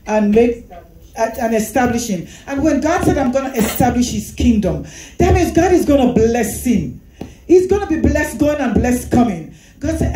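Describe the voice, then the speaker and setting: A woman teaching Sunday school, her voice on the high side and mellow. She goes over scripture, repeats phrases and puts questions to the class. The sound rings in a roomy space. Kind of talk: Bible teaching.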